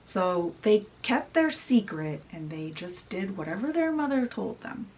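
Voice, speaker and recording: A woman's voice: mid-range voice, sing-song, measured pace, a little mellow, far from the mic, low-quality recording. A woman book vlogger casually retelling a story in a chatty, storytelling way. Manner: chatty, storytelling, with fillers like "she's like". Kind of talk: casual book summary vlog.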